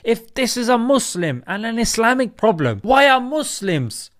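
A man's voice: very high voice, big pitch swings, normal speed, a bit bright. A man delivering an emphatic opinion monologue on current events, firing off rhetorical questions. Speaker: commentator.

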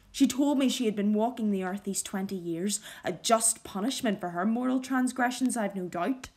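A woman reading the lines of a nervous, fussy gentleman who is a house guest, speaking in a formal, wordy way. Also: medium pitch, lightly acted.

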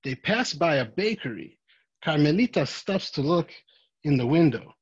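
A volunteer reading a children's picture book aloud, gently and expressively, lifting the voice for quoted greetings, on a dull lo-fi home recording. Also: mid-range voice, expressive, moderate pace, slightly rough. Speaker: volunteer story reader.

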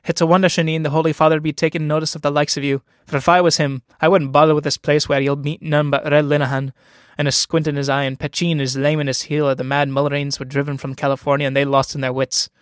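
Spirited, teasing young country woman, read by a man; sharp and impatient, lifted voice. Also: a little high, level tone, quick pace, few pauses, smooth, no room sound, clean studio sound, close to an everyday voice. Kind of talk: dramatic play reading.

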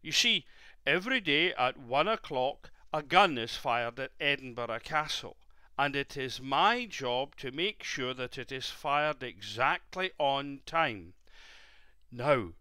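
A man voicing a dizzy, hurt Highlander soldier who groans and pleads for help in a storybook reading. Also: lively intonation, slow pace, bright, forceful tone, smooth, no echo. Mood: urgent. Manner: groaning, urgent.

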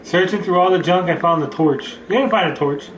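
A man's voice: high voice, brisk, recorded from a distance, noisy background. Joking man commenting on a game. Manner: joking, rambling, reads game text aloud. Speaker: let's play host. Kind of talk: casual gameplay commentary. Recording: roomy sound from off-mic, game music. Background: game music.

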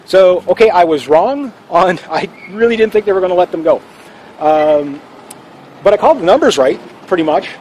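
A man with a notably high voice rambles through a casual opinion vlog in a forceful, opinionated way. He talks outdoors, and faint traffic and city ambience sit in the background. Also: animated, moderate pace, rough recording. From Canada. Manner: assertive, rambling, with fillers and restarts. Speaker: channel host.

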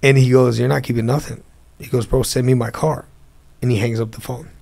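Man, gravelly voice, fairly flat pitch; a guest telling stories in a laid-back interview. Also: brisk. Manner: animated storyteller acting out phone calls. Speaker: interview guest, car dealer. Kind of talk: storytelling in a casual interview.

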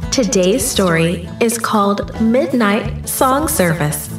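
Church lady reading a kids bible story, real slow, echoey room, mic far away. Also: medium pitch, animated, over music. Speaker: children's story teller. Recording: roomy, distant microphone.

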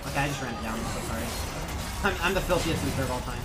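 Excitable young male game streamer. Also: mid-range voice, very fast, over music. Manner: excitable, laughs often, swears, shouts at the game. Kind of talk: casual live-stream chat while gaming.

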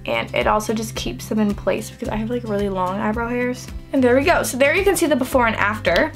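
A young woman with a slightly raised voice, chatting casually as she walks through her makeup routine. She pokes fun at herself and scatters "like" all through her talk, with soft music playing faintly behind her. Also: a little high, fast. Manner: chatty, self-deprecating, heavy use of "like". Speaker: beauty vlogger. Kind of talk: casual makeup tutorial chat.

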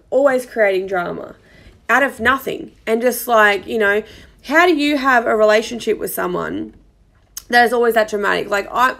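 A woman's voice: medium pitch, gravelly. A young woman hosting a podcast, commenting in a chatty, exasperated way with many fillers. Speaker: podcast host. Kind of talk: casual commentary monologue.

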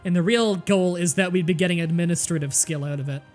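A woman's voice: fairly low pitch, quick pace, darkish tone. A woman streaming a strategy game, joking, swearing freely and thinking aloud, with faint music behind. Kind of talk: casual gameplay livestream commentary.

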